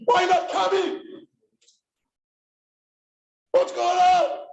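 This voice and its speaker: A man voicing a desperate poor mother who shouts and pleads for her son to come home, in an echoey room. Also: extremely high pitch, monotone, measured pace, creaky, voice pushed up, full character voice. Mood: wailing. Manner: shouting, wailing pleas. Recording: echoey room, dull sound.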